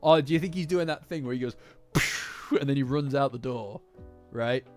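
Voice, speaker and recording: A young man with a British accent chatting casually as a manga reaction streamer, swearing freely, answering live comments and acting out characters in quick asides. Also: mid-range voice. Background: soft lofi music.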